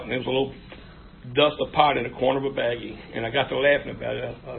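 A man tells his recovery story in a frank, folksy way, his voice deeply gravelly with heavy fry. The recording is thin and phone-like, with a faint hiss behind him. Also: fairly even intonation, quick pace. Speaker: speaker sharing at a recovery meeting. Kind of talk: personal recovery testimony.

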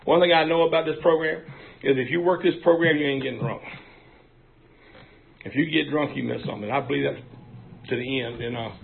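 At a recovery meeting, a man gives a frank, folksy testimony packed with fillers. His medium-pitched voice is steady, a little fast, with vocal fry and frequent pauses. The recording sounds tinny and phone-like, with faint hiss.

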